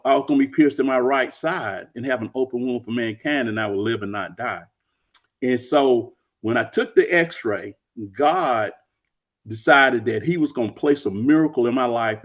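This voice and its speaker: A middle-aged man telling an emotional personal story as an interview guest, earnest and acting out the dialogue he quotes. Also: mid-range voice.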